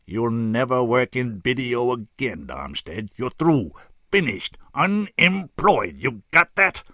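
A man reading an audiobook, voicing a smug, ruthless male tycoon who talks slowly and condescendingly. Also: mid-range voice, wildly swooping pitch, no room sound, studio quality, voice pushed up. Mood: furious. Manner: slow, silky and condescending.

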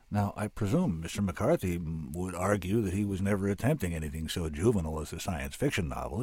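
A man reading a novel aloud in a slow, measured, somber way, then offering his own opinion on it. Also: extremely low pitch, a little mellow, husky, no room sound. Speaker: reader and commentator.

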